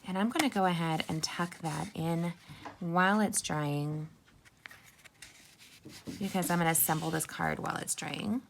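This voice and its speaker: Chatty woman, gravelly low voice. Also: moderate pace, pauses often, slight background noise. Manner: chatty, upbeat, addresses viewers as "you guys" and "sisters". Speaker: card-making instructor. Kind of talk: casual crafting tutorial.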